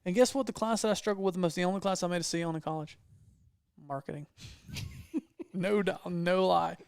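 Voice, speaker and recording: A man's voice: sits high, steady tone, brisk, gravelly, clean tone, dry recording, clean studio sound. A man with a Southern US accent hosting a casual podcast chat, joking and laughing often. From American South. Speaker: podcast host.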